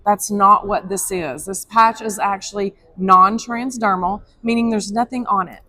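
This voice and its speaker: Woman, company rep, mid-pitch voice, upbeat and explanatory. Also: steady tone, moderate pace, bright, forceful tone, no room sound. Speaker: company representative. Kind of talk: product pitch interview.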